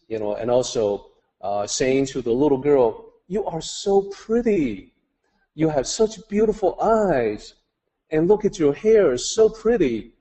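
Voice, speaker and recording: On a poor-quality recording, a Daoist teacher speaks to a group in a mellow, mid-range voice. He tells a story conversationally, dropping in plenty of "you know" asides and acting out the voices of the people he quotes.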